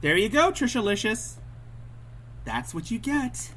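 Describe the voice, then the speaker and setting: A man's voice: sits high, very animated, unhurried, very noisy. A man hosting a livestream, reacting to clips with angry, profane ranting. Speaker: livestream host.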